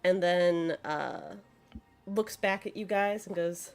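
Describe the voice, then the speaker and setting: A woman narrating a tabletop game as game master, relaxed and hesitant with many fillers. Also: on the low side, slow pace.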